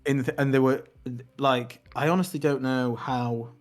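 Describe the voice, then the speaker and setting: A man's voice: medium pitch, steady tone, normal speed. A man in his thirties from England, co-hosting a podcast and telling rambling stories with frequent laughs. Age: 30s. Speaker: podcast co-host. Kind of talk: casual banter.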